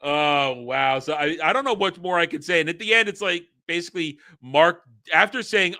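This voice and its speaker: A man hosting a casual vlog, ranting about a movie in an animated, exasperated way. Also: on the high side, moderate pace, hardly any pauses. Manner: animated, exasperated, acts out scenes. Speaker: host.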